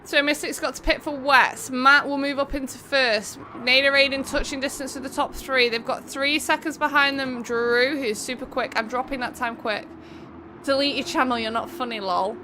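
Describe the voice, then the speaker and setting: Bright-voiced English woman streaming a race. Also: high voice, steady tone, a little hiss or hum. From England. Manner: chatty, quick race commentary, greets viewers by name. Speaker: streamer hosting an online racing event. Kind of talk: live game stream commentary.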